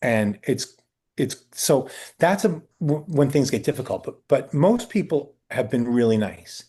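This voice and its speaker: A man's voice: medium pitch, sing-song, a little slow, dark tone, breathy edge. A man who works as a talent agent answers interview questions in a casual way, telling long anecdotes, acting out the people he quotes and using many fillers and restarts. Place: indoor sit-down interview.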